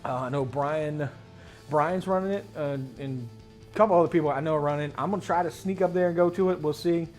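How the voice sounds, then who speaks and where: A man hosting a casual tabletop gaming chat, slangy and rambling, getting excited as he talks. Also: fairly high pitch, fairly quick, soft background music. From Mid-Atlantic United States. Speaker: host.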